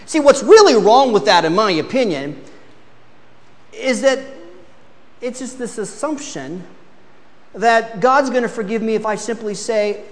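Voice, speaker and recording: Animated male preacher in a reverberant hall. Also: high voice, unhurried. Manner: animated, acts out excuses in mock voices; asks the congregation to read aloud. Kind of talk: sermon.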